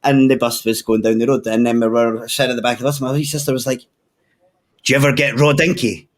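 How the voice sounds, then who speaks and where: A man's voice: mid-range voice, level tone, rapid-fire, darkish tone. A young man telling profane, funny stories in casual chat, laughing as he goes. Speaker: podcast host.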